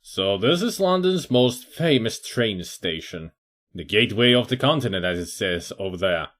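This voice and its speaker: A man's voice: lowish voice, lively intonation, moderate pace, a bit bright. A man playing a video game on his own, reading its text aloud and musing about what to do next. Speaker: let's player. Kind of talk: casual game commentary.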